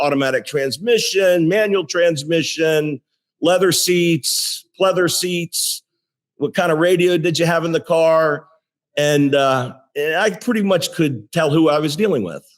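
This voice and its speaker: A man in his sixties, a company CEO, telling career stories in a relaxed interview, with frequent restarts and fillers. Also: fairly high pitch, moderate pace. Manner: animated storyteller with many restarts. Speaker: guest, tech company CEO. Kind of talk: casual interview storytelling.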